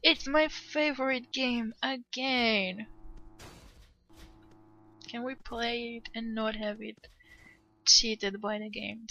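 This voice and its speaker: A woman chatting her way through a live-streamed game, teasing her teammates with playful mock anger. Her voice sits a little high, with a bright, sharp edge and plenty of gravelly fry. She speaks slowly, with faint game music playing behind her. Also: steady tone, lo-fi sound. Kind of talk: casual live-stream commentary.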